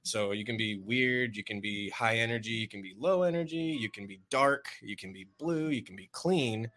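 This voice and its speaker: A man's voice: lowish voice, normal speed, a bit bright. A man co-hosting a casual podcast chat about booking comedy shows, rambling with lots of filler words and frequent laughter. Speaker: comedy show producer and co-host.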